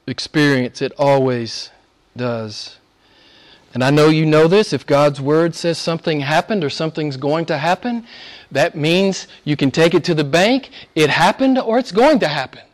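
A middle-aged man preaching a sermon, rising and falling emphatically as he exhorts his listeners. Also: high voice.

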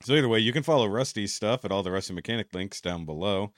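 Low-pitched guy hosting a podcast, cussing and laughing, dry close mic. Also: quick pace, no room sound. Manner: loose and profane, frequent swearing and laughing. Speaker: podcast host. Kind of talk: casual chat.

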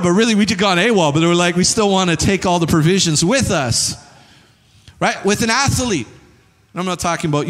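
High-voiced male pastor preaching in a hall. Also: fairly bright tone. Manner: emphatic, repetitive preaching with acted-out dialogues. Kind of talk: sermon. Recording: reverberant hall.

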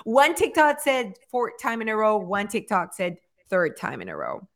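A woman co-hosting a casual chat, talking fast with lots of fillers and acting out what people say. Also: medium pitch. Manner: chatty, filler-heavy, animated storytelling. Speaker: podcast co-host.

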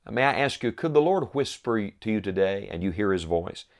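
A man preaching a sermon, earnest and emphatic, reading scripture aloud and slowing down to stress key lines. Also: lowish voice, expressive. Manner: earnest, emphatic, quotes scripture in old wording; slows for emphasis, rising repeated phrases.

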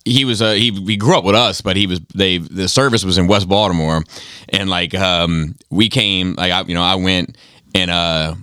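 A man with a fairly low but bright, forceful voice tells stories in a loose podcast chat. He swears freely and restarts his sentences often. His voice sounds dry and close. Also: steady tone, normal speed, clean tone, no room sound. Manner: profane, rambling with many restarts. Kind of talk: casual chat, storytelling.

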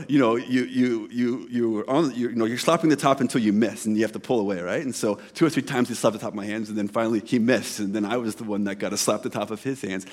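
Telling a personal story during a sermon, this pastor with a medium-pitched voice keeps things conversational. He voices parts of the dialogue himself and repeatedly stops to correct what he's said.

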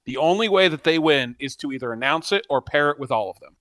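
A man co-hosting a casual gaming podcast, arguing his position insistently, point by point. His voice is bright and forceful, a touch higher than average. The sound is dry and close. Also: animated, quick pace, no echo. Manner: argumentative, insistent, makes his case point by point. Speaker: podcast co-host.

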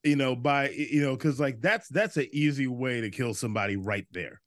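A man co-hosting a film-review podcast, telling animated stories, slipping into voices and swearing without a second thought. His pitch sits mid-range for a man. The sound is dry and close, with no room echo. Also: moderate pace. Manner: animated storyteller, does voices, swears freely. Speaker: podcast co-host. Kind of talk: casual movie-review chat.

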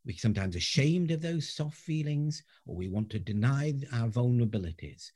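A man, a professor, telling stories earnestly in an interview and dropping to a soft voice on key words. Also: mid-range voice, breathy edge. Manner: earnest, varies loudness, drops to soft near-whisper on key words. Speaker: professor, guest. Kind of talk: reflective interview storytelling.

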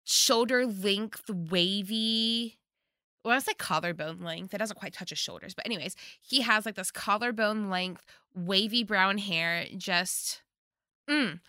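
A woman's voice: mid-range voice, a little slow, pushed and bright, no room sound, studio quality. A woman co-hosting a podcast, casually recapping a movie, giggly and gushing with frequent swearing. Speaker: podcast co-host.

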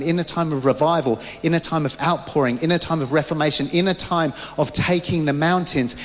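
A man preaching a sermon, fervent and anecdotal, often restarting his sentences. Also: on the high side. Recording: long hall reverb.

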